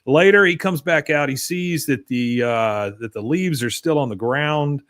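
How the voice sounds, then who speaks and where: A man's voice: a little high, unhurried, a bit bright. A man co-hosting a podcast, casually retelling an episode scene by scene and quoting the characters. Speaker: podcast co-host.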